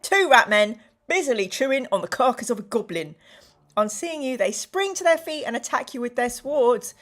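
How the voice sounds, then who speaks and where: Playful woman, high voice. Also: sing-song, measured pace, fairly bright tone, soft background music. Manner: playful, exclamatory. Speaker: live stream host. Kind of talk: reading a gamebook aloud to a live chat.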